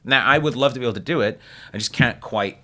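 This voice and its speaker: A man's voice: mid-range voice, fast, sharp tone. A man hosting a comedy podcast in a studio, talking animatedly and laughing often. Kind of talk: casual podcast chat.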